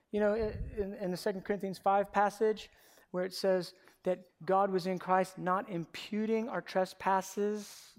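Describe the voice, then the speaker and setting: Man preaching a dynamic sermon. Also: high voice. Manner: dynamic preacher who swings between hushed storytelling and loud emphatic exhortation. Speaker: pastor.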